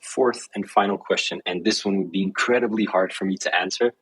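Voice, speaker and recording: Husky-voiced Dutch-accented male host. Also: low-pitched, fairly even intonation, brisk, a bit bright, dry recording, rough recording. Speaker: podcast host. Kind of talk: casual interview.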